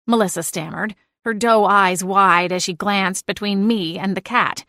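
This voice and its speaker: Woman reading a cozy novel in first person, lively, dry close sound. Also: mid-range voice, moderate pace, hardly any pauses, no room sound. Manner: lively, expressive. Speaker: audiobook narrator. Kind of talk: first-person audiobook narration.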